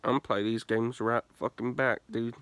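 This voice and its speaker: A gaming streamer tells a prank story as a casual rant, swearing, laughing often, and restarting a lot. His mid-range voice is steady, measured, fairly bright, and clean, with no echo.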